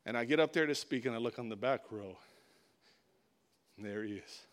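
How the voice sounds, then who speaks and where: Male preacher, mid-pitched, animated sermon storyteller with loud peaks and quiet drops. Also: a little fast. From Florida. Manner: animated storyteller, acts out quotes, big swings in loudness.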